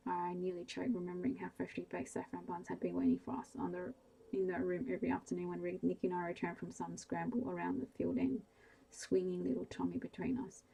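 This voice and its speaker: Low, husky, gravelly woman reading softly. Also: monotone, rough recording. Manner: slow, hushed, gentle reading. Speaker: bedtime story reader. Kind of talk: soft ASMR bedtime story narration.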